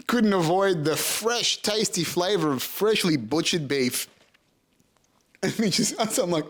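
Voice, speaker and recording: Unhurried and on the high side, the voice belongs to a thirty-something Australian man hosting a podcast; he recounts a comic story with animation, lots of profanity and laughter throughout.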